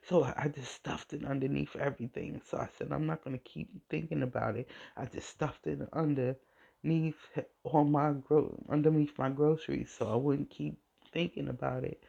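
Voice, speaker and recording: A woman hosting a podcast, telling a personal faith testimony in an emotional, halting way and often repeating her phrases. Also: low-pitched, fairly even intonation, creaky, warm tone, breathy edge. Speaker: podcast host. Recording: dull lo-fi recording.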